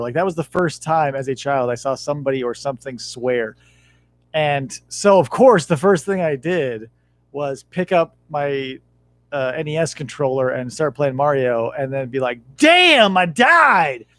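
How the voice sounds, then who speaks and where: A man in his thirties hosting a podcast, telling stories in a casual chat with lots of profanity. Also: fairly high pitch. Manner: animated, profane storytelling. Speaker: podcast host.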